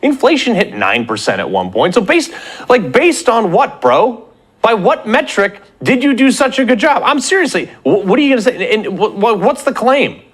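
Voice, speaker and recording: A man's voice: high-pitched, sing-song, normal speed, breathy edge. A man delivering a fiery political opinion monologue, combative and rhetorical, hammering phrases through repetition. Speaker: political commentator.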